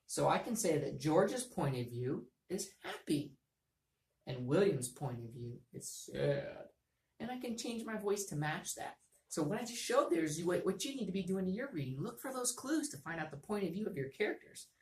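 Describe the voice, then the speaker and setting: A woman's voice: lowish voice, big pitch swings, moderate pace, darkish tone. A woman teacher giving a reading lesson to young students, explaining patiently and repeating key points. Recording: echoey room.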